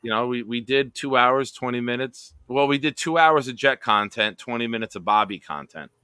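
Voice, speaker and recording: A man's voice: mid-range voice, moderate pace, bright, forceful tone, smooth, no echo, clean studio sound. A man hosting a casual livestream, joking around and reading chat comments aloud. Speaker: livestream host.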